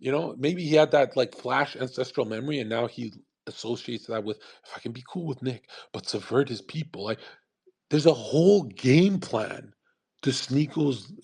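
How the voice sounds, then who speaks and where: Husky, profane man ranting casually. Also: medium pitch, normal speed, darkish tone. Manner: rambling, profane, emphatic, restarts often. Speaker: host. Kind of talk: casual monologue commentary.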